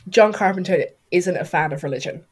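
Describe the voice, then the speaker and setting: A woman casually discussing a horror film, chatty, laughing often and filling pauses with ums. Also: on the low side, a little mellow, breathy edge. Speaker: podcast co-host.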